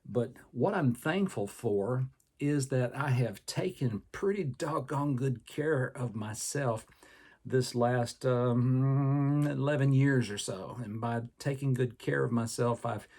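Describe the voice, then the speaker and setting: In a slow, darkish, medium-pitched voice, an older Southern American man, a podcast host and personal trainer, delivers a folksy, wandering monologue full of fillers.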